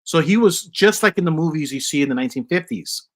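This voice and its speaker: A man's voice: a little high, lively intonation, fast talker. A man hosting a casual chat podcast, rambling through stories with lots of fillers. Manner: rambling, many fillers and restarts. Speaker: podcast host.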